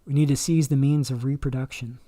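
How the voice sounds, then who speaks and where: A man hosting a livestream, talking in a rambling, halting way with many fillers and restarts. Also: medium pitch, level tone, mellow, dry recording. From Canada. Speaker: livestream host. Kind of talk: casual livestream commentary.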